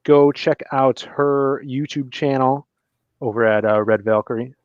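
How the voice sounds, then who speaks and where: A man hosting a casual livestream, chatting with guests and plugging links to viewers in a relaxed way. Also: mid-range voice, a little slow, no room sound. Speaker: livestream host. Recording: dull, dry lo-fi mic sound.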